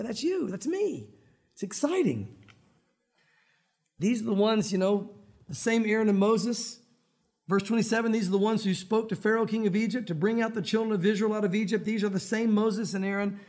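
High-voiced animated male preacher. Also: fairly quick. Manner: conversational, animated preaching with acted quotes. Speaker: pastor. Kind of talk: sermon.

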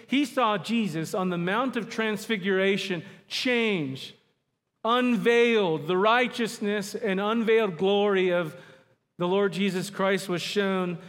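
A man preaching a sermon, emphatic, slowing down to stress key words. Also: high-pitched, a bit bright. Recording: long hall reverb.

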